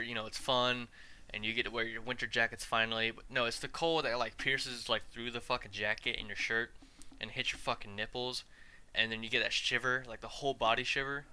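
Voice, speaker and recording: A man hosts a podcast in a loose, rambling rant full of swearing and side tangents. His voice is very bright and sharp, with a smooth, crisp clarity, and his pitch sits in the middle range. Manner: rambling and profane, trailing off into asides. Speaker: podcast host. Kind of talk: casual ranting chat.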